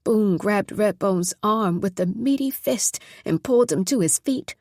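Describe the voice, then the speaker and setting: A woman reading a novel aloud in steady, measured narration. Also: medium pitch, no echo, clean studio sound. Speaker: audiobook narrator. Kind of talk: scripted narration.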